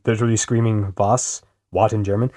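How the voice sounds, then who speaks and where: A young streamer with a mid-range, darkish voice comments on videos at a moderate pace, rambling casually and swearing freely in a self-deprecating way. The clean studio recording has no room sound.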